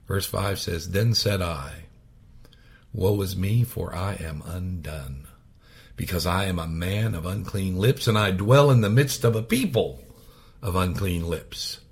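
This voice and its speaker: A man preaching a sermon, swinging from loud raised passages to hushed whispers. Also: sits low, unhurried, vocal fry, husky.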